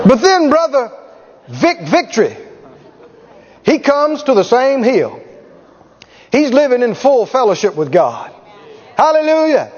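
Folksy middle-aged preacher guy telling stories, really high and lively voice, echoey hall, kinda dull sound. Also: unhurried, long pauses. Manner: folksy, animated, chuckling. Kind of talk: sermon with storytelling.

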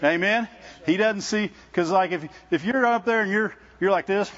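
A visiting speaker preaches a sermon at a church service with a congregation, talking conversationally, restarting frequently, and often calling out "Amen?" to the room. His high, slightly bright voice moves at a normal speed with few pauses. The audio sounds dull.

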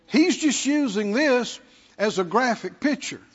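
In a church sanctuary, a male pastor with a very high, husky voice and lively intonation delivers a sermon slowly and emphatically. He repeats key words in a call-and-response with the congregation, urging them to answer back. A long hall reverb surrounds him on a dull, lo-fi recording.

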